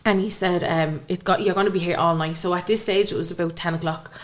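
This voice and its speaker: Fast-talking young Irish woman. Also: fairly low pitch, fairly even intonation. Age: young adult. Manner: recounts events by acting out quoted dialogue. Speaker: podcast guest. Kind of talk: emotional personal storytelling in conversation.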